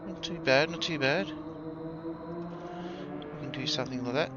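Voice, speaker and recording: A man's voice: medium pitch, moderate pace, lo-fi sound. A man chatting casually with viewers while he streams a racing game. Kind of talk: casual live-stream chat. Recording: game music underneath. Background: racing game music and car engines.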